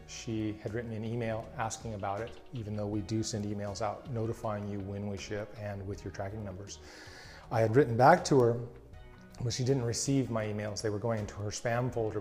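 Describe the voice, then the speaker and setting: A man's voice: lowish voice, darkish tone. A man running a small business, talking casually to customers in a plainspoken, reassuring way, often restarting his sentences. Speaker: small business owner answering customer questions. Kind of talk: casual talk to camera.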